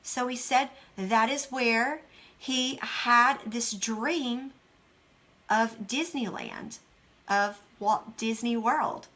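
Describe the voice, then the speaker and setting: A woman with a high, bright voice hosts a motivational devotional talk. She tells stories intensely and with emotion, and speaks straight to her listeners in an earnest way. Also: drawn-out words. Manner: earnest, direct address to listeners. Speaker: host.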